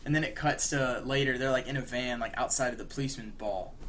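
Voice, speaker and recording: A man's voice: medium pitch, fast, fairly bright tone, slight background noise. Man rambling through a casual recap. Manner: rambling retelling, full of "like" and "you know". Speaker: podcast co-host. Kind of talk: casual chat.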